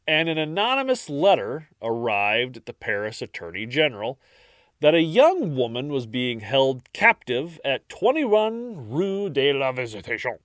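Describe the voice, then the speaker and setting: Lively male podcast host. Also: medium pitch, no room sound, studio quality. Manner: storytelling, dramatic pauses, laughs easily. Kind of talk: true crime podcast narration and banter.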